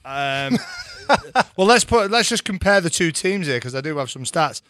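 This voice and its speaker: A man's voice: a little high, very animated, normal speed, fairly bright tone. An Australian man co-hosting a podcast, chatting about sport in an easygoing way. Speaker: podcast co-host. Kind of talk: casual sports chat.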